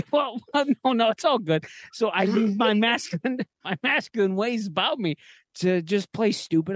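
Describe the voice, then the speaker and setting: A man on a podcast rambles through a crude, silly horror story and keeps laughing at his own jokes. His voice sits a bit high and swings widely up and down. The sound is dry and close, with no room echo. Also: expressive, unhurried. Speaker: podcast host. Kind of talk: comedic spooky storytelling.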